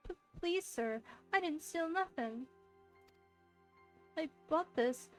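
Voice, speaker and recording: A woman's voice: sits high, expressive, slow, soft background music. A woman voicing a frightened young refugee woman who begs and stammers in a put-on Cockney accent. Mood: pleading. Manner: stammering, begging.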